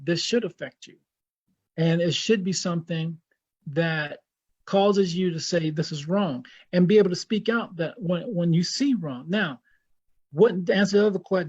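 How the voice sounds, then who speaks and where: A man's voice: high-pitched, a little mellow, slightly rough, lo-fi sound. A man with an American accent, a guest Islamic scholar speaking in an impassioned, blunt way and repeating himself for emphasis. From United States. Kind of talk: impassioned interview talk.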